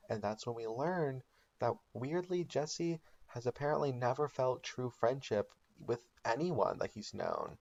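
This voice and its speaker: A man's voice: mid-range voice, expressive, unhurried, gravelly, a little mellow, muffled recording. A man telling a comedic made-up recap of a TV show in a casual storytelling way with ums and likes. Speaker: channel host.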